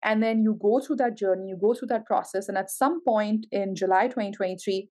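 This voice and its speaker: A woman's voice: mid-range voice, brisk, darkish tone. A woman giving a tarot reading to camera, gushing and emotional, full of exclamations. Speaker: tarot reader.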